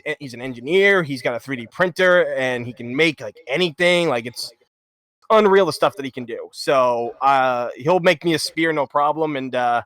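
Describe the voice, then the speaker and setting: A man co-hosting a charity stream, chatting casually and telling stories in a loud, animated way. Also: medium pitch, normal speed. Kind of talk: casual chat.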